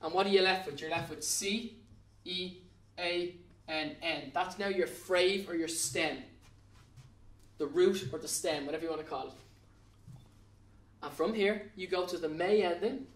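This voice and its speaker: An Irish man with a high voice teaches a grammar lesson, spelling words out letter by letter and coaxing his students to keep up. He sounds a little distant from the mic. The classroom gives his voice a roomy echo. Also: a little slow, long pauses, a bit bright. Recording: echoey room, mic at a distance.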